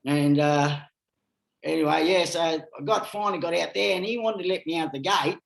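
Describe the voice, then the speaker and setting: A middle-aged Australian man, a guest on a podcast, talks at a moderate pace in a slightly high, creaky voice. He swears constantly while telling lively, rambling stories in casual conversation.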